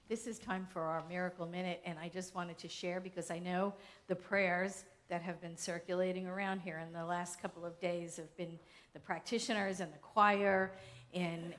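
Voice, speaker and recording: A woman presenting part of a church service, excited and emotional as she talks. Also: fairly low pitch, normal speed. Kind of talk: casual church service talk.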